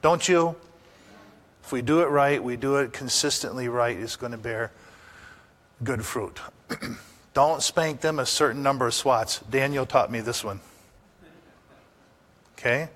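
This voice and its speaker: An older man preaches to his congregation in a folksy, storytelling manner. He keeps turning to the room with rhetorical questions and homespun anecdotes, his pitch sitting in a plain middle range. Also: measured pace, long pauses, a bit bright. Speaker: pastor. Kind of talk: sermon.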